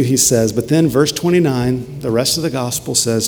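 A man preaches with earnest emphasis and returns to key phrases again and again. His mid-pitched voice carries a long reverb tail, and faint ambient noise sits behind it, as in a church sanctuary. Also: moderate pace, hardly any pauses, a little mellow. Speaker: pastor. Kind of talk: sermon.

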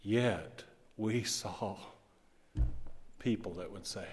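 A man's voice: lowish voice, slow, long pauses, slightly rough. Man preaching emphatically in a reverberant hall. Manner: emphatic preaching with dynamic swings in loudness. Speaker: pastor. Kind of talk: sermon. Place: church sanctuary. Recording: long reverb of a church hall.

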